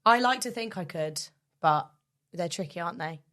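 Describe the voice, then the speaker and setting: A woman's voice: lowish voice, animated, normal speed, fairly bright tone. A woman guest on a podcast in casual chat, playful and teasing, trying out accents.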